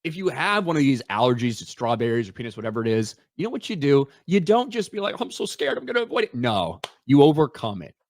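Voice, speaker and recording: A man's voice: medium pitch, big pitch swings, brisk, hardly any pauses, no echo. A man hosting a podcast, talking casually in a brash, profane, mocking way. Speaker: podcast host. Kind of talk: casual chat.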